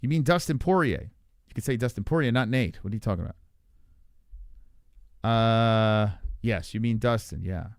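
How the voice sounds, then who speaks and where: A man's voice: fairly low pitch, moderate pace, long pauses, smooth, no room sound. Profane ranting male streamer, dry sound. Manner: profane, ranting, reacts to chat. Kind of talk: livestream fight talk.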